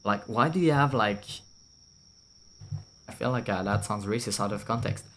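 Guy streaming a game, kinda low voice, swears a lot, laughs a bunch, bit of hiss. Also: moderate pace, a bit bright. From France. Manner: blunt and swearing, laughs often. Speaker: VTuber streamer. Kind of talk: casual gameplay commentary.

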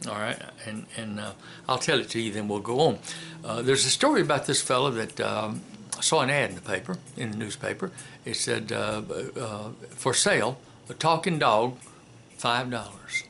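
Folksy, unhurried storytelling man. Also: lowish voice, creaky, a bit bright, a little hiss or hum. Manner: folksy, unhurried, many filler pauses. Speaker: commentator and storyteller. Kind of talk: casual spoken commentary and joke telling.

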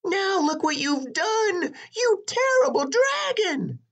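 Shrill, bratty young princess. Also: male voice, huge pitch swings, unhurried, slightly rough, full character voice. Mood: indignant. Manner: shrill, whiny, screaming outbursts. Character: spoiled, bratty young princess, shrieking and furious.

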